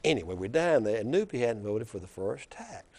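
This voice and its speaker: An older man with a drawl spins long, folksy stories full of restarts and asides. His voice sits at an everyday pitch. The recording is dry and close, with no room sound. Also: big pitch swings, fairly quick, darkish tone, no room sound. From Alabama. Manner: folksy, rambling anecdotes with frequent restarts. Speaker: political commentator and show host. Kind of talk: casual storytelling chat.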